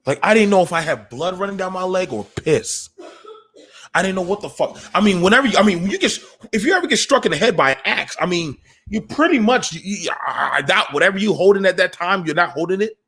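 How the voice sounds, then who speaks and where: A man, a military veteran, telling a raw story in the first person, halting and profane with frequent restarts. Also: sits high, expressive, pushed and bright, slightly rough.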